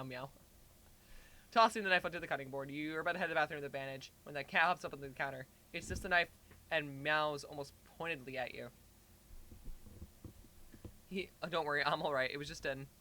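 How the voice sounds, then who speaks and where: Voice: medium pitch, bright, forceful tone. A streamer with a slightly strained throat, reading a second-person story aloud and breaking off to baby-talk a pet cat. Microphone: headphones and desk mic.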